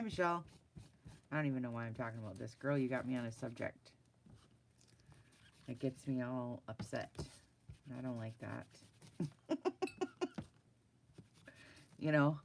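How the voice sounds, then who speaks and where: A middle-aged woman talks bluntly and animatedly to live viewers from her desk while she draws. Her voice sits very low and gravelly. A faint hiss sits under her talk, along with pen clicks and scribbling. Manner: chatty, blunt, animated, laughs often. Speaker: vlogger chatting with live viewers. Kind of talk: casual chat while drawing. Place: at a desk indoors.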